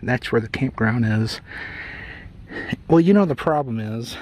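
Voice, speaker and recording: A man's voice: medium pitch, lively intonation, a little slow, a little mellow. A man on a desert trail, chatting casually for a hiking vlog with rambling, self-deprecating asides, a little out of breath. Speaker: travel vlogger.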